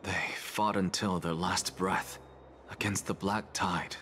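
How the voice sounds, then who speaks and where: An actor playing a solemn male scholar who speaks in a measured, hushed, grave way in game dialogue. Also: sits low, steady tone, faint music behind, exaggerated voice.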